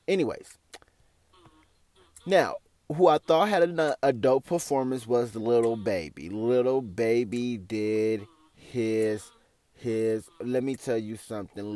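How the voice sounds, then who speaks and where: A man, hosting a casual opinion show, sassy and animated, often calling listeners "honey". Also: lowish voice. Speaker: podcast host.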